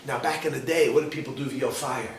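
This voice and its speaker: Man, rabbi, lively class, joking with audience, distant mic, echoey room. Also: mid-range voice, quick pace, slight background noise. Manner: joking, questions the audience directly. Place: lecture hall with audience. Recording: roomy, distant mic, faint ambience.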